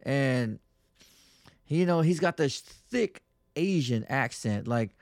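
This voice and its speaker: A man's voice: medium pitch, lively intonation, slow, vocal fry, no room sound, studio quality. A man hosting a podcast, telling stories in a crude, rambling way with lots of profane slang. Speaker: podcast host. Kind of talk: casual podcast monologue.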